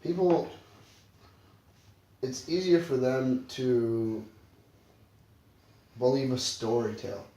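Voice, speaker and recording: A man's voice: mid-range voice, lively intonation, takes it slowly, pauses often, mellow. A man co-hosting a podcast who gives blunt, sarcastic, profane opinions in casual chat. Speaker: podcast co-host. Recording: echoey room with faint ambience.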